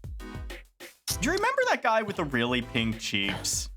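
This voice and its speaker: A teasing co-host of a game stream, with a bright, sharp voice that rises and falls a lot as he riffs with his friend. Faint game music plays behind. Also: mid-range voice, wildly swooping pitch, measured pace. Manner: teasing, dry. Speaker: streamer co-host reading along. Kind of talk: casual let's-play chat.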